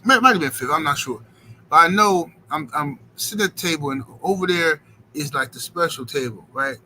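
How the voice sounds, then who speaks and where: Rambling, slangy livestream host. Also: male voice, fairly high pitch, fairly quick, sharp tone, a little hiss or hum, rough recording. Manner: rambling, slangy, full of "you know what I'm saying". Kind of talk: casual livestream commentary.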